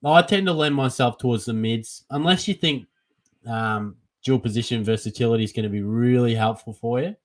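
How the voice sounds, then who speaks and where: A young Australian man hosting a casual live Q&A for a fantasy football stream, chatty and relaxed, calling everyone mate. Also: mid-range voice, fairly quick. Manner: laid-back and chatty, calls everyone mate. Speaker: fantasy football livestream host. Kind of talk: casual live Q&A, reading chat questions.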